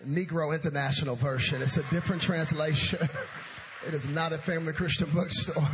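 Animated high-voiced male preacher. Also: brisk, noisy background. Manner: animated, comedic storytelling with call-and-response. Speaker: pastor. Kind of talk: sermon. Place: church auditorium.

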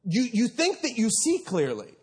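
A man in his thirties gives a casual, storytelling sermon, full of fillers and quick restarts. His voice sits fairly high and a touch husky. It rings out in a large reverberant sanctuary. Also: wildly swooping pitch, darkish tone. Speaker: pastor. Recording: reverberant hall.

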